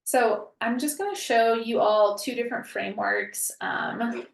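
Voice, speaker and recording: Brief: woman webinar presenter, casual and hedging, some vocal fry, echoey room, distant mic. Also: on the high side, a little slow. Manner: conversational, frequent ums and hedging.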